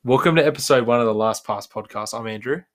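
A young Australian man co-hosting a casual podcast, telling rambling stories and laughing loudly. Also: mid-range voice, quick pace. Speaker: podcast co-host. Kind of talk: casual banter.

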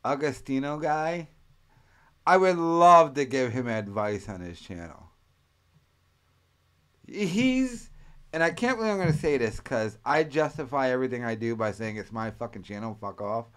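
A man's voice: medium pitch, sing-song, normal speed, a bit bright, clean tone. A man hosting a casual commentary show, rambling and profane, laughing as he talks. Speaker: host.

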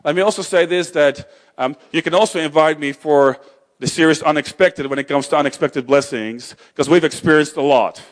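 A man's voice: a little high, normal speed. A middle-aged man giving a conversational talk on faith and suffering, with frequent restarts and joking asides.

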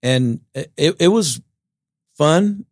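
A middle-aged man from Texas, telling stories in a relaxed, rambling way as an interview guest. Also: fairly high pitch, slow, dry recording, clean studio sound. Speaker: guest musician. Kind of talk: casual storytelling interview.

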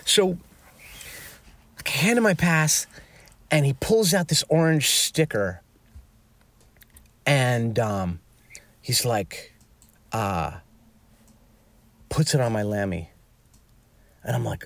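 Guy musician telling a tour story, lots of like and you know, jumps up high when excited, dry mic. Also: slow pace, creaky, long pauses, no room sound. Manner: animated, jumps into high excited voices when quoting himself; peppers speech with "like" and "you know". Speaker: touring musician, guest. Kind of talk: casual storytelling.

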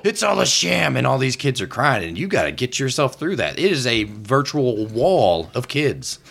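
A man's voice: mid-range voice, pushed and bright. A man narrating a tabletop game as game master, comic and profane, laughing often. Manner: laughs often, swears casually, slips into quick voices for passersby.

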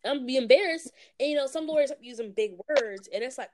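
A woman's voice: sits high, fast talker, darkish tone, slight background noise. A woman, ranting bluntly and casually in slangy podcast chat. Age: 20s. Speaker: podcast co-host.

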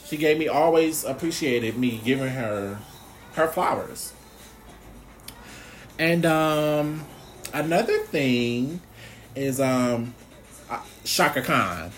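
A man chatting casually on his vlog, animated, swearing freely and laughing often. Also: mid-range voice. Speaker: blogger.

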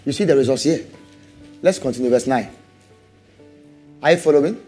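A man preaching a sermon, animated, repeating rhetorical questions and laughing often. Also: mid-range voice, normal speed, faint music behind.

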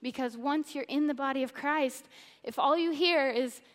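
A woman's voice: high-pitched, moderate pace. Upbeat woman speaker in a big hall. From Missouri, USA. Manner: enthusiastic, earnest and effusive. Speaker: church speaker. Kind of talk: sermon-style Bible teaching. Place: church auditorium. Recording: long church-hall reverb.

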